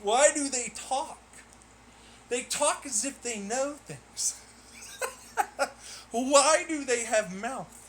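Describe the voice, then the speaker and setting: A man's voice: very high voice, expressive, very slow, pauses often, fairly bright tone, slight background noise. A young man streaming alone, rambling while he plays, swearing, laughing and ranting in irritation. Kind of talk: rambling solo talk while playing.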